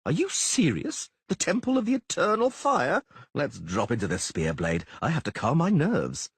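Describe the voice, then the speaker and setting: A man's voice: fairly high pitch, wildly swooping pitch, normal speed, husky, no echo, clean studio sound, pitched above the performer's own voice, exaggerated voice. A man doing a flamboyant, theatrical bard. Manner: theatrical, exclaiming. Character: flamboyant vain young male bard. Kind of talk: audiobook character voice.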